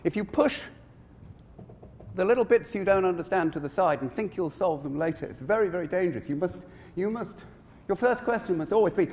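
A man giving a conference keynote in an animated, conversational way, with frequent digressions. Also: high-pitched, fairly quick. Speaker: keynote speaker. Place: large conference hall. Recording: long reverb of a conference hall.

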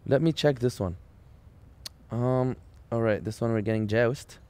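A young man co-hosting a casual chat podcast, laid-back and playful, quick to laugh. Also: mid-range voice, warm tone, clean tone. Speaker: podcast co-host.

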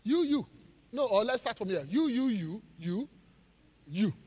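A man preaching a live sermon as pastor, animated, asking the congregation rhetorical questions and laughing between points. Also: high-pitched, measured pace, husky. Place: large church hall. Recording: live church sermon with long hall reverb.

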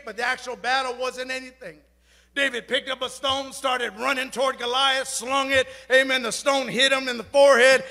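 A man preaching a fiery church sermon, moving from quiet storytelling into shouted exhortation to the congregation. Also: extremely high pitch, creaky. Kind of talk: Pentecostal-style sermon. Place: large church sanctuary. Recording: long church hall reverb, congregation faintly heard.

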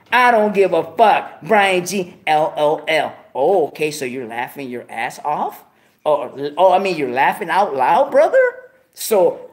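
A man's voice: on the high side, measured pace. Swaggering man ranting in heavy slang. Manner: swaggering street slang, heavy cursing, animated outbursts. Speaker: show host. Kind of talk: casual profane rant to viewers.

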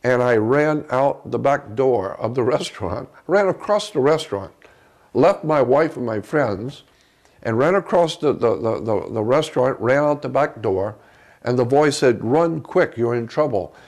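A man with a gravelly, creaky voice speaks as an interview guest. He recounts a personal story earnestly, often stopping and restarting his sentences. His pitch sits at an ordinary middle level for a man. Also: expressive, unhurried, darkish tone.

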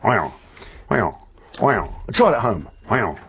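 A man's voice: on the low side, very animated, slow, gravelly, a bit bright, slightly rough. A man hosting a radio show, telling a rambling story and mimicking the sounds and voices in it. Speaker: radio host. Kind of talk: casual chat. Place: radio studio. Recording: dull radio broadcast audio.

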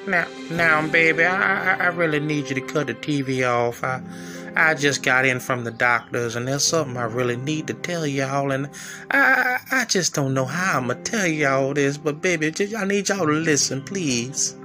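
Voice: medium pitch, normal speed, over music, lightly acted. A performer playing a hysterical, bossy mother who wails and scolds in a comedy sketch. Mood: tearful. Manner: wailing, preachy, scolding.

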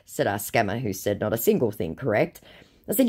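A woman's voice: a bass voice, big pitch swings, brisk, breathy edge. A woman, sarcastically reading out her chats with scammers and confronting one angrily by phone. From Australia. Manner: sarcastic, switches to sharp and angry on the phone. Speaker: scam-baiting video host.

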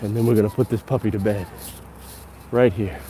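A man's voice: on the low side, fairly even intonation, a little fast, dark tone, slight background noise. A man narrating a casual live-stream walking tour outdoors, out of breath from climbing stairs and chatting to his viewers as he goes. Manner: chatty, addresses viewers as guys. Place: outdoors on a hillside park at dusk.

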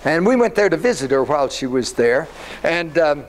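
Animated older man telling a story. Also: on the high side, moderate pace, a little hiss or hum, rough recording. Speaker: speaker. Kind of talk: storytelling talk.

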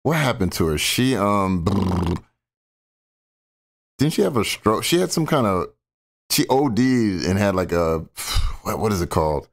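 A man's voice: sits low, sing-song, unhurried, creaky. A man hosting a casual reaction stream, commenting bluntly and crudely on clips with joking asides.

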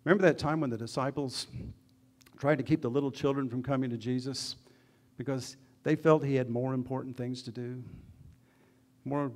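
A male pastor with a mid-range voice preaches earnestly in a church. He puts questions to the congregation, swinging between loud emphasis and quiet asides.

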